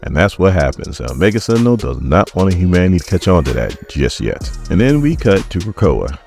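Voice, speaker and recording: Deep voiced guy joking through a comic recap, voice jumps around a lot. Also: sing-song, fairly quick, gravelly, a little mellow, faint music behind. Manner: jokey, irreverent.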